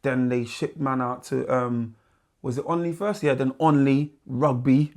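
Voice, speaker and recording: A man with a London accent telling stories from his past in a casual interview, using street slang and acting out other people's voices. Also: a little slow. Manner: animated, mimics voices in his anecdotes with big pitch jumps. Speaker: guest musician. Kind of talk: casual storytelling.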